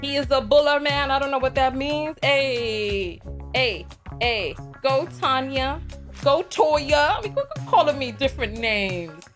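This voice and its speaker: A woman's voice: high voice, lively intonation, measured pace, soft background music. A woman hosting a live reaction stream, reading viewer comments in a blunt, exasperated way and often repeating herself. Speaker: livestream host.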